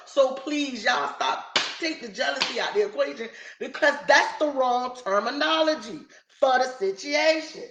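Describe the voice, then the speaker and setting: This mother vlogs on YouTube, reacting to online drama with emphatic, repetitive casual rants. She has a high, expressive, fairly bright voice at a measured pace, with a roomy echo and slight background noise in the recording.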